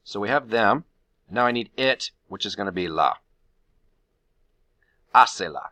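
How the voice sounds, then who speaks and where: A man's voice: fairly low pitch, expressive, normal speed, bright, forceful tone, no room sound. A man teaching a Spanish grammar lesson to his class, explaining each step patiently and counting syllables aloud.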